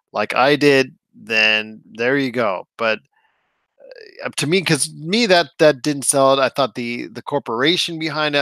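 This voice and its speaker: A man's voice: medium pitch, a bit bright, dry recording. A man co-hosting a casual movie review chat, enthusiastic and fond of stock phrases. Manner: enthusiastic, repeats catchphrases like "I'll tell you what". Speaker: movie podcast host.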